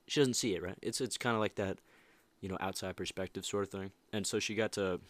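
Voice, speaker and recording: A young man hosts a motivational podcast, speaking casually yet emphatically, with plenty of restarts and fillers. His voice is deep and a little fast.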